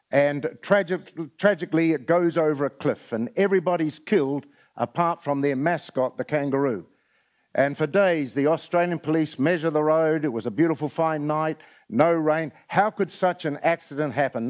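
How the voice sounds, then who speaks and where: A man's voice: on the high side, a little mellow. A man speaking at a conference, telling stories and jokes with frequent "uh" fillers. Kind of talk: motivational talk with jokes. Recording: lo-fi recording.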